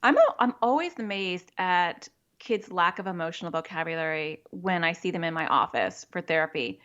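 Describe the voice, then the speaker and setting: A woman's voice: fairly low pitch, lively intonation, normal speed, a bit bright, lo-fi sound. A woman who works as a child therapist, speaking as a podcast interview guest. She explains practical ideas and often acts out what a parent or child might say.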